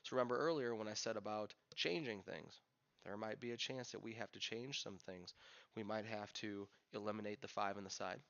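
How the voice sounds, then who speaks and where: With a lowish, brisk voice that has vocal fry and a fairly bright tone, this pool instructor coaches as he plays. He thinks aloud candidly, and the lo-fi audio sounds dull.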